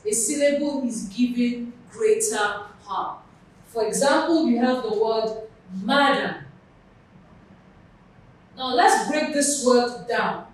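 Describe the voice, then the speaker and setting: Woman tutor, from Nigeria, slightly high voice, unhurried, echoey room away from the mic. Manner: slow, deliberate teacher, repeats and spells out words. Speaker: exam tutor. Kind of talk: classroom lesson. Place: classroom with a board. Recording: echoey room from far off with faint noise.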